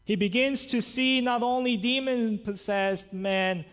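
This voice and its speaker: High-pitched guy preaching, tells bible stories all chatty and animated. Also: a little slow. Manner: animated storytelling, paraphrasing scripture conversationally. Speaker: pastor. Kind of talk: sermon.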